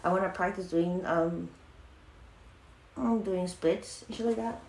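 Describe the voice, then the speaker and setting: A woman's voice: on the low side, a little slow, creaky, darkish tone, slight background noise. A young woman streaming live, chatting casually in a rambling way full of fillers and swearing. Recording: echoey room.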